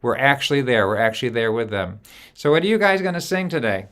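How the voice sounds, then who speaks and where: A man hosts a live online song gathering, his voice smooth and resonant at an ordinary pitch. He talks casually over a video call, greeting viewers one by one, with frequent hesitations. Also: expressive, fast, a bit bright. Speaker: host.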